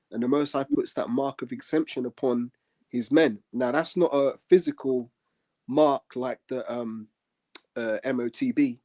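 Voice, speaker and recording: Male co-host, mellow mid voice, earnest and measured scripture commentary. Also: medium pitch. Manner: earnest, measured, many "um" pauses. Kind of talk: religious podcast discussion.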